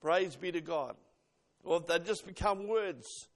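An older man delivers an earnest sermon, pausing often and lifting his emphasis up and down. His voice sits fairly high and carries a gravelly edge. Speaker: preacher. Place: church.

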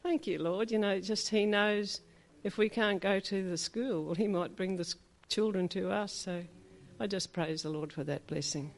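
A woman's voice: medium pitch, normal speed, hardly any pauses. An older woman telling a personal testimony at a church meeting, in chatty storytelling style. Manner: chatty storytelling, acts out quoted dialogue. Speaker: church member giving a testimony.

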